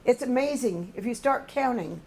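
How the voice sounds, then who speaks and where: A woman's voice: fairly high pitch, expressive, moderate pace, darkish tone, a little hiss or hum. An older woman, a choir music director, patiently explaining musical phrasing to a singing class and humming short examples.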